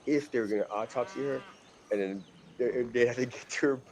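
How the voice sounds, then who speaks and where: A man's voice: mid-range voice, brisk, darkish tone, slight background noise. A man streaming a game, chatting crudely with friends, rambling and trailing off mid-thought. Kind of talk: crude casual chat.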